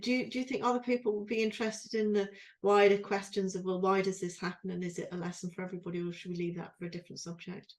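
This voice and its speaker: A woman's voice: mid-range voice, flat delivery, fast. Rambling, emotional woman co-host. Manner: rambling, self-interrupting, emotional. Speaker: podcast co-host. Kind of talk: reflective conversational chat.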